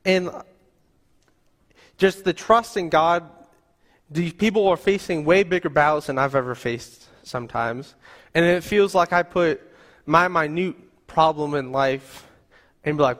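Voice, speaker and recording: A male youth pastor giving a casual, animated Sunday sermon in a church, sometimes acting out quoted voices. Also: a little high, unhurried, long pauses. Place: church sanctuary. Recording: long hall reverb.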